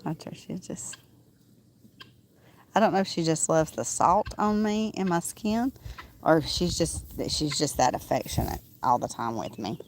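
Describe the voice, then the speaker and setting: A woman's voice: deep voice, expressive, moderate pace, slight background noise. A woman, chatting casually on a livestream from outdoors on her small farm, rambling with frequent "um" fillers. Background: roosters crowing and farm animals.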